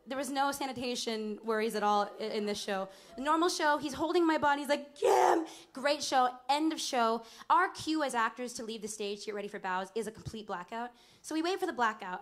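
A woman in her twenties telling a lively, laughing stage story between songs at a small club, acting out other people's lines. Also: sits high. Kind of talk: onstage storytelling banter. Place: small live music club.

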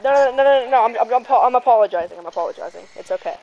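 Woman, prank caller, slightly high voice, halting stammered talk, faint background hiss. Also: lively intonation, lo-fi sound. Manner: hesitant, stammering fake-foreigner patter. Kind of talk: prank phone call.

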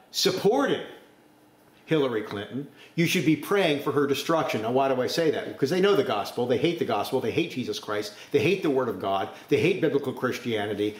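A man preaching a sermon, forceful, with sudden rises to emphasis. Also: mid-range voice, reverberant.

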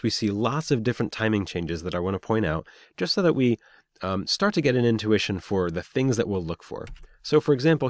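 A man's voice: on the low side, no echo, studio quality. A man giving a recorded lecture, explaining step by step with frequent fillers and small self-corrections. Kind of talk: recorded lecture on speech acoustics.

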